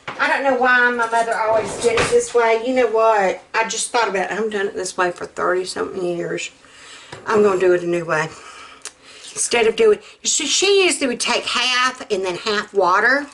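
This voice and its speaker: A middle-aged woman hosts a casual cooking demonstration from her home kitchen, chatting in a folksy, rambling way as she shows a recipe. Her voice is fairly high, and the background is noisy.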